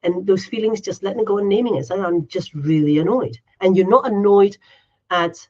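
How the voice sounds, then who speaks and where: This podcast co-host has a medium-pitched, darkish voice at a moderate pace, recorded with the highs cut off. In easygoing conversation she keeps talking, tacking "right?" onto sentences and acting out her inner monologue in short quotes.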